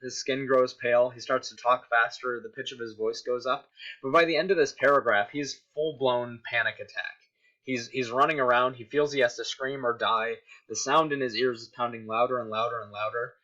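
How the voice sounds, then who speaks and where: Male teacher, recorded lesson, explanatory, crisp bright tone, slightly muffled sound. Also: medium pitch, fairly even intonation, normal speed. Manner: explanatory, checks in with "right?". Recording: dull lo-fi recording.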